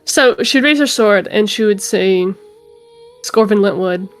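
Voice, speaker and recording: A woman's voice: medium pitch, normal speed, faint music behind. A woman playing a tabletop game, talking hesitantly with lots of fillers. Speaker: player. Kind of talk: casual tabletop play.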